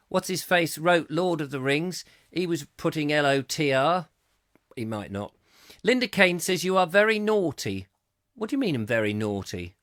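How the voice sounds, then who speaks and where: A man hosting a live chat show, reading out viewer comments with jokey, mock-indignant asides, his throat going a little hoarse. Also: on the high side, a bit bright, no room sound, clean studio sound. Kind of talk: casual ranty live-stream chat.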